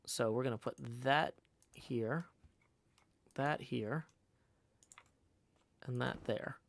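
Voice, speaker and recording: A man's voice: medium pitch, slow, gravelly, slight background noise. A man streaming live, chatting casually and thinking aloud as he plays, often correcting himself mid-sentence. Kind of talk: casual livestream chat while playing a game.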